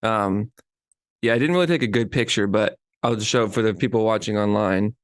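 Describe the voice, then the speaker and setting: A young man chats casually as a podcast co-host, relaxed and a little halting. His voice sits low, and it is recorded dry and close with no room sound. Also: dry recording. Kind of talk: casual chat.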